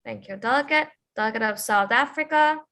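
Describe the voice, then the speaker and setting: A woman's voice: fairly high pitch, fairly quick, bright, forceful tone. A woman chairing an online committee, calling the roll over a video call in a hesitant way with many fillers.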